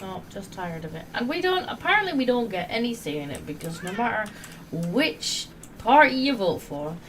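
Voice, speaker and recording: A woman's voice: mid-range voice, sing-song, normal speed, far from the mic, slight background noise, poor audio. A woman hosting a casual gaming chat, ranting in exasperation and swearing freely. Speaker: podcast host.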